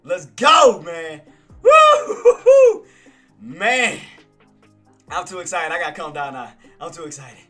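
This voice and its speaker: A man giving live trading commentary, excitable and boastful, repeating himself as he shows his gains to viewers. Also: a little high, moderate pace, faint music behind. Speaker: day-trading streamer.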